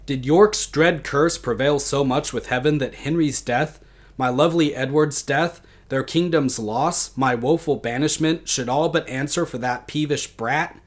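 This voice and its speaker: A bitter, deposed old queen lays curse after curse on her enemies, voiced by a man reading her verse aloud. The delivery is slow and deliberate, set in a mid-range voice. It comes as a dramatic reading within a lecture. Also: mid-range voice, lightly acted. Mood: cursing.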